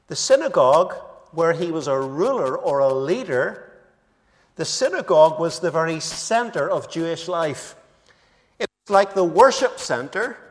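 A male preacher delivering a sermon, measured and emphatic, repeating key phrases for weight. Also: high voice. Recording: long reverb of a large hall.

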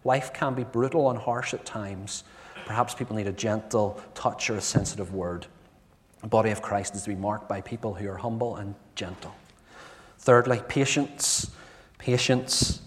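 A man's voice: on the low side, moderate pace. Earnest male preacher in a reverberant church. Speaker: pastor. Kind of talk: sermon. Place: church sanctuary. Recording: long reverb from a church hall.

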